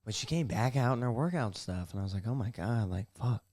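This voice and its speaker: A man's voice: lowish voice, lively intonation, fairly quick, darkish tone. A young man hosting a casual solo podcast from his bathtub, telling a rambling, profane, self-mocking story. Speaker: podcast host. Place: bathtub at home.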